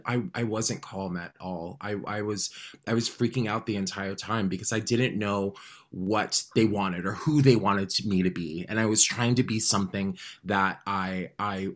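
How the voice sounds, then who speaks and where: A man speaking as a guest in a candid interview, talking openly with many restarts and loudly acting out his own inner voice. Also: on the low side, steady tone, moderate pace. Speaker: podcast guest, drag performer.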